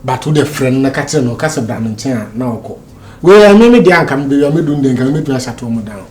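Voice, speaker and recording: A man's voice: medium pitch, animated, fast, darkish tone, close to an everyday voice. An actor with a Ghanaian accent playing a confident friend who gives advice and repeats his phrases in a comedy drama. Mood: advising.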